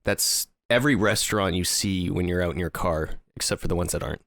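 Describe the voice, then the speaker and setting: A man's voice: deep voice, fairly quick, a bit bright, dry recording, clean studio sound. A man co-hosting a podcast in casual chat, hesitant and questioning. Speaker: podcast co-host.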